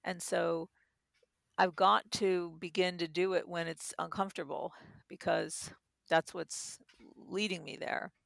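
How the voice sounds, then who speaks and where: A middle-aged woman explaining with gentle personal examples in an interview. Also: fairly low pitch, steady tone, a little slow, creaky, no room sound, studio quality. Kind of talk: reflective interview talk.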